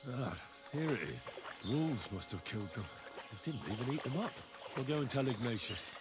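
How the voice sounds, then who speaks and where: A man's voice: mid-range voice, very animated, moderate pace, lightly acted. An actor playing a dry, sarcastic young male peasant hero in a video game. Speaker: game protagonist. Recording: game audio with loud music.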